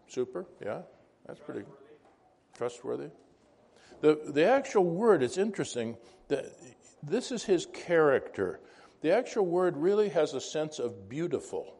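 A man's voice: fairly high pitch, vocal fry, a little mellow, breathy edge. A man teaching an informal Bible class, conversational and wandering into asides, asking the class questions.

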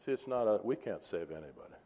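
A man's voice: on the low side, lively intonation, fast, mellow, slight background noise. A man preaching a sermon, telling a story and acting out the dialogue. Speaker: pastor. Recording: reverberant hall.

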